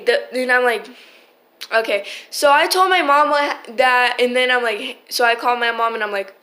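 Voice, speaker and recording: A woman's voice: sits high, a little slow, fairly bright tone. A teenage girl telling a rambling, swear-filled storytime into her phone, full of restarts. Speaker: vlogger. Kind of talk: casual storytime.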